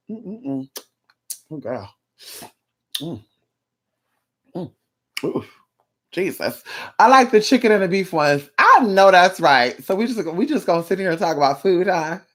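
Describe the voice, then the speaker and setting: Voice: mid-range voice, fairly bright tone. A live streamer chatting casually with viewers, sassy and campy, calling them girl and honey, swearing freely and rambling from topic to topic. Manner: sassy, campy, drawn-out endearments, frequent profanity.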